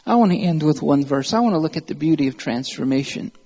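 A male preacher delivers a sermon in church, his slightly high voice gravelly and husky. He tells stories calmly and builds to fervent appeals. The recording is dull and lo-fi. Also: quick pace, in a large hall, a little hiss or hum. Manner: builds from calm storytelling to impassioned, climbing exhortation.

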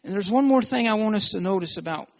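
High-voiced preacher man, emphatic. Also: lively intonation, fast, gravelly, dull audio. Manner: emphatic preaching with call-and-response amens. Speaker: pastor. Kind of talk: sermon.

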